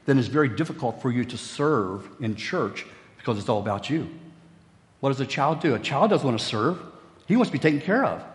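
A man's voice: mid-range voice, in a large hall. A middle-aged man from Virginia, preaching a sermon in a folksy storytelling way with jokey asides. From West Virginia, USA. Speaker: pastor.

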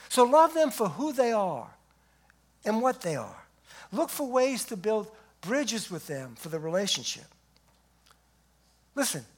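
A man preaches from the pulpit, his voice sitting high for a man. He swings between forceful, raised declarations and soft, hushed moments as he delivers the sermon. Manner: emphatic preaching that swings from loud to quiet. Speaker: pastor. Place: church sanctuary.

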